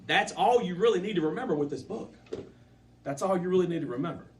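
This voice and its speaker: Animated man coaching a sales team. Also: high-pitched, quick pace, distant mic, slight background noise. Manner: animated, repetitive coaching with rising emphasis. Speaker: sales trainer. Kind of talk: sales training talk to a live group.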